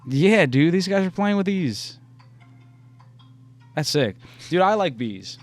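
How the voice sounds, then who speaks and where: A young man co-hosting a podcast, casually chatting, laughing often and swearing as he tells animated stories. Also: sits high, slow pace, faint music behind. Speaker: podcast co-host. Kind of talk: casual chat.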